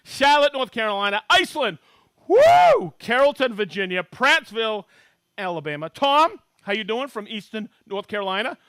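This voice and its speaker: A chatty middle-aged man from Maine runs a live tool demo with a fairly high, bright voice. He jokes along and reads out viewers' hometowns with sudden excited bursts. The sound is dry and close, with no room echo. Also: a little fast, clean tone. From Maine, USA. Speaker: livestream host demonstrating tools.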